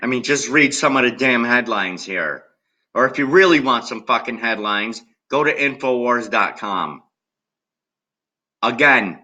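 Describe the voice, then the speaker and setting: Furious swearing man with a sharp voice. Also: mid-range voice, low-quality recording. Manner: agitated, heavily profane, talks straight at viewers. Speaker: political video blogger. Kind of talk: angry rant to camera.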